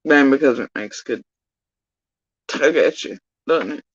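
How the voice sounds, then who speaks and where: A woman hosting reaction commentary, talking in a scornful, mocking way with sudden high-pitched jabs. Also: a little slow, husky, dry recording, dull audio. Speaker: commentary host.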